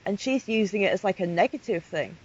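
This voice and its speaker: A woman's voice: medium pitch, expressive, brisk, a little mellow, husky. A woman vlogger giving casual, indignant commentary as she reads through chat logs. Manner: indignant, outraged, emphatic. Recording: slightly muffled home recording with faint hiss.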